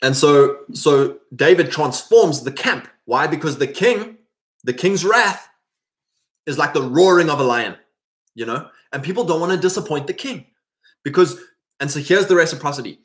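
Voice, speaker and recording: Animated man preaching to men, somewhat high voice. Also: normal speed. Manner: animated, acts out voices in quoted asides. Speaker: Christian men's teacher. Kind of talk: casual preaching talk.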